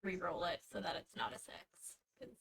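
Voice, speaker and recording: A woman's voice: lowish voice, fairly even intonation, gravelly, a bit bright, distant mic, poor audio. A woman in a tabletop game over an online call, rambling casually about the rules. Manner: rambling, quick put-on quotes.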